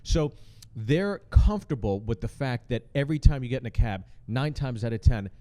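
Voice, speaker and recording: A man hosts a relaxed talk about stand-up comedy. His mid-pitched voice is warm and mellow, and he works through his points in long, earnest explanations. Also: normal speed. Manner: explains at length, earnest and analytical. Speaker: host. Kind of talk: casual chat breaking down stand-up. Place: comedy club.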